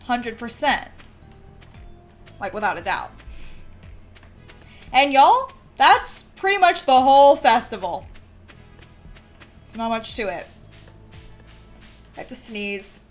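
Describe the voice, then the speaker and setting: A high-voiced woman gives casual live-stream commentary while she plays. Her voice swoops up and down as she reacts to what's on screen and talks to her chat, with soft game music underneath. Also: sing-song, slow pace, long pauses.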